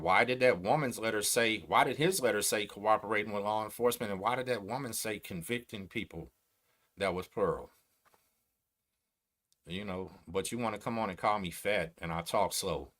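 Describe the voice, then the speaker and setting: A middle-aged man from Texas with a Texan accent, hosting a casual livestream and talking slowly, bluntly and streetwise. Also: lowish voice, a bit bright. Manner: slow, blunt, streetwise talk. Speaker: host.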